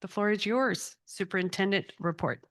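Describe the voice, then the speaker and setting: A woman's voice: mid-range voice, moderate pace, a bit bright. A woman chairing a school board meeting, chatty and upbeat as she gives her report.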